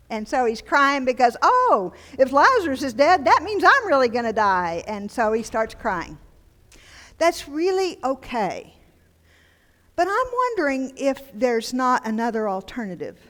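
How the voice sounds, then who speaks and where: An older woman preaching a conversational, humorous sermon into a handheld microphone, turning animated and then dropping to near-whispers for emphasis. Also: sits high. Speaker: guest preacher. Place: church sanctuary. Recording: long church-hall reverb.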